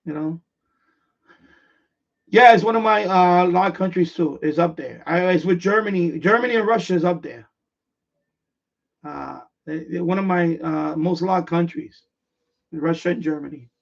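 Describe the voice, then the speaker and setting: A man's voice: sits high, a little slow, gravelly, pauses often. A man hosting a live stream, telling a story in a rambling, repetitive way with lots of restarts. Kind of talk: casual live-stream chat. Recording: far from mic, dull lo-fi sound.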